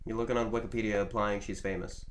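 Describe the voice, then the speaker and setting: A man's voice: fairly low pitch, steady tone, quick pace, a little hiss or hum. A young man co-hosting a podcast, teasing the others with dry asides. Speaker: podcast co-host. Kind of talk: casual chat.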